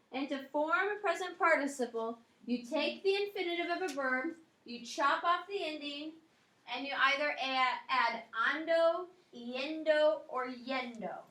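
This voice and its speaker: High-voiced woman teaching in an echoey classroom. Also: measured pace, fairly bright tone. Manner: explanatory, checks in with frequent "okay?" and "um". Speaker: Spanish teacher. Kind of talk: classroom grammar lecture.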